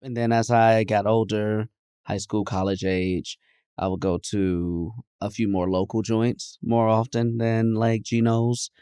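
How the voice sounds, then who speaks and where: A man from Chicago co-hosting a food podcast, joking around with animated, quick reactions. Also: on the low side, clean tone, no room sound, studio quality. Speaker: podcast co-host. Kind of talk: casual chat.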